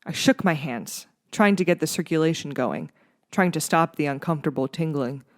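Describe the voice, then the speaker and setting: A podcast host reading a children's horror book aloud in dramatic, expressive narration with a few small slips. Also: mid-range voice, moderate pace, no echo, clean studio sound. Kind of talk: audiobook-style narration.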